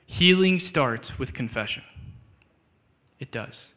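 Male pastor, bright, high voice, chatty preaching with acted quotes, church sanctuary, handheld mic. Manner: conversational preaching, quick asides and acted-out quotes. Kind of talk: sermon. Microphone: switches to a handheld mic partway.

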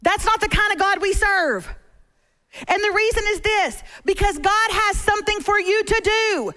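A middle-aged woman preaching as a guest speaker from a church stage, telling stories with animated humor. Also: very high voice, moderate pace. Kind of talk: sermon. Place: church stage before a congregation.

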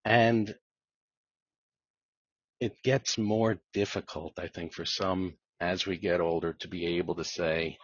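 A man working as a divorce mediator, talking thoughtfully in a podcast interview, with a measured delivery that repeats words as he restarts. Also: deep voice, steady tone, husky. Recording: dull lo-fi dry sound.

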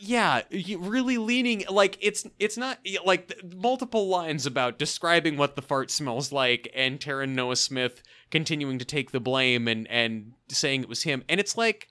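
A man co-hosting a movie podcast, chatting casually with quick, animated, stammering restarts. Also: a little high. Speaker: podcast co-host. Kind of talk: casual movie review chat.

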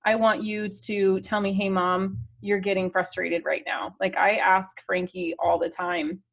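A woman's voice: medium pitch, little pitch movement, a little slow, creaky. A woman coaching a mother on a call, upbeat and practical, often laughing and acting out little quoted exchanges.

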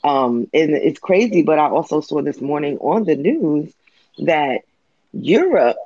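A man chatting casually in an animated way, acting out what others say. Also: on the high side, measured pace, dry recording. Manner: animated, acts out voices of others. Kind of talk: casual chat. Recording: dull lo-fi dry sound.

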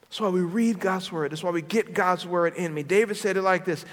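A man preaching a sermon as a pastor, swinging between loud declarations and hushed, intimate moments. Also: sits high, a little fast, in a large hall.

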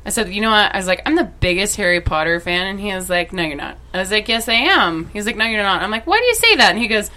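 Bright-voiced excited young woman. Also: medium pitch, fast talker, hardly any pauses. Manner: excited storyteller acting out quotes. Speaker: podcast co-host. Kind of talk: casual chat.

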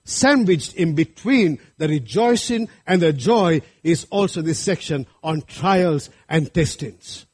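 A man's voice: a little high, animated, slow pace, few pauses, a little mellow, husky. Earnest man preaching a sermon. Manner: earnest, rising to fervent appeals. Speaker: pastor.

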